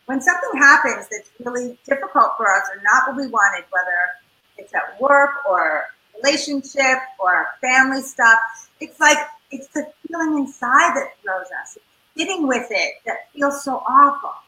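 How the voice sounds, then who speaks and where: Brief: woman family therapist, high-ish bright voice, animated, echoey room. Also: normal speed. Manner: animated, acts out parent and child voices. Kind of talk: interview advice talk.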